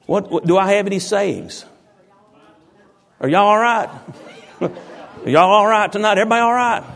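A man's voice: high voice, animated, normal speed, vocal fry, a bit bright. A man, a pastor giving an informal sermon and teasing his congregation with questions.

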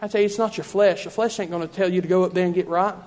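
Fervent high-voiced preacher in a hall. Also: male voice, fairly even intonation, very fast, darkish tone. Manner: fervent, repetitive preaching cadence. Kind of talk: sermon. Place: church.

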